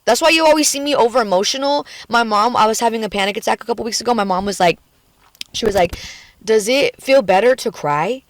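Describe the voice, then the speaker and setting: A woman's voice: fairly high pitch, fast, slight background noise. A woman in a candid personal vlog, talking frankly and emotionally and swearing freely, recorded on a phone in a car. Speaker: vlogger. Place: in a car at the beach.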